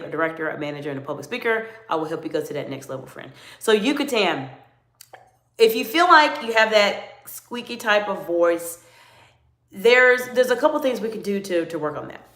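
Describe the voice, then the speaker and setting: A middle-aged woman coaching viewers in a live-stream Q&A, answering them by name and lowering her voice to demonstrate. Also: fairly bright tone. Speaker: communication coach. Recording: roomy echo.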